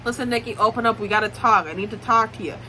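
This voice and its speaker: A woman's voice: medium pitch, quick pace, bright, forceful tone, slight background noise, lightly acted, low-quality recording. Young woman doing a blunt teen boy. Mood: offhand. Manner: offhand, crude. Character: blunt teenage boy, casual and unbothered.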